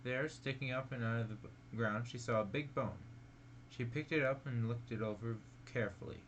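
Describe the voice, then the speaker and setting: Man reading spooky tales casually, bright tone, faint noise floor. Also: medium pitch, normal speed, lo-fi sound. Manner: casual, stumbles and corrects himself. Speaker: reader. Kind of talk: reading spooky stories aloud.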